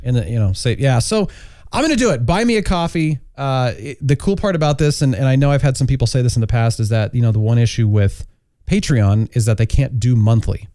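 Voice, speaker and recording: A man's voice: mid-range voice, lively intonation, brisk, dark tone, no room sound, studio quality. A man hosting a casual chat podcast, talking in a rambling, self-correcting way while recovering from covid. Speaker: podcast host.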